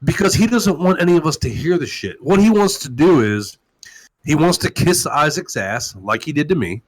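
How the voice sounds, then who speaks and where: A man's voice: animated, moderate pace, poor audio. A man hosting a call-in live stream, ranting in a crude, mocking way with constant swearing. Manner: loud, mocking and crude, swinging widely in pitch. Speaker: talk show host. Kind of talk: profane live-stream rant.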